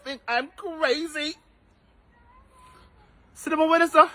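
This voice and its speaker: A man's voice: very high voice, slow pace, pauses often, pushed and bright, no echo. A man with a Jamaican accent chatting on a live stream from outdoors, playful and theatrical, greeting viewers by name and repeating phrases in a sing-song way. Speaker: vlogger doing a live stream. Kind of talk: casual live-stream chat. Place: outdoors in the rain.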